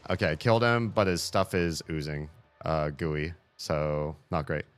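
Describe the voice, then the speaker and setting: A man playing a video game and commenting as he goes, excitable and jokey, reading in-game emails aloud. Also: a bass voice, measured pace, smooth. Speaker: gaming streamer. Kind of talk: let's play commentary.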